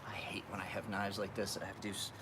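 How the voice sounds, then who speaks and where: Rapid-fire and flat in delivery, with a fairly bright tone, a man rambles through profane anecdotes while sharpening knives on a live stream. He voices other characters in high tones, and the recording carries faint background noise.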